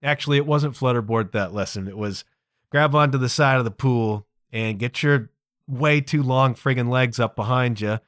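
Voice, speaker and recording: A man's voice: medium pitch, normal speed, smooth, no room sound, clean studio sound. A man in his fifties hosting a podcast, telling a funny story against himself with exasperation. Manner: self-deprecating, animated, exasperated. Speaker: podcast host. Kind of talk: comedic storytelling monologue.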